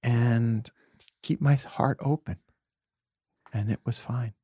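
A man from Brooklyn, a podcast guest, telling reflective personal stories in an earnest, heartfelt way, sometimes dropping to a soft near-whisper. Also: mid-range voice, fairly even intonation, slow, breathy edge, no echo, clean studio sound. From Brooklyn, USA. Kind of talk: earnest conversational storytelling.

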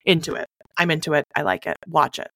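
A woman's voice: low-pitched, sing-song, fast talker, sharp tone. A woman co-hosting a podcast, chatting casually about a movie and laughing often. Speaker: podcast co-host. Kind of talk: casual movie review chat.

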